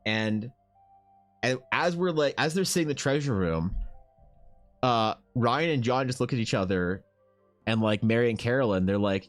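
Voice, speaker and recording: A man streaming while he draws, telling a story in a loose, animated way. He swears, laughs and restarts often. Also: medium pitch, moderate pace, pauses often, soft background music. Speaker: streamer and artist.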